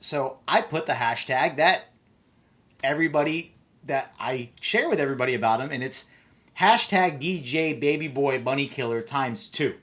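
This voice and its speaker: A man's voice: medium pitch, a bit bright. A man hosting a casual chat show, teasing and joking with his guest. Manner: teasing, jokey. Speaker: host.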